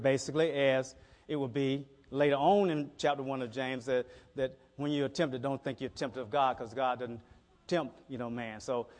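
A middle-aged man preaching a conversational sermon, telling stories in a folksy way and often repeating his words. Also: medium pitch. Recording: reverberant hall.

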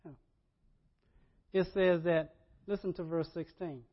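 A man preaching a sermon, animated, repeating words and rising to loud emphasis. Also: a little high, measured pace. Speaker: pastor. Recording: dull lo-fi sermon audio.

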